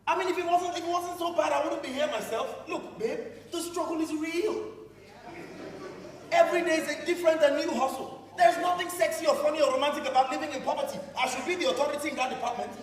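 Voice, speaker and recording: A man's voice: very high voice, fast. A man playing a passionate Nigerian man. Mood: exasperated. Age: 20s. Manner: emphatic, pleading, laughs often. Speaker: stage actor. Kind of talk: stage drama. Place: theater stage. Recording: echoey hall from far off, audience.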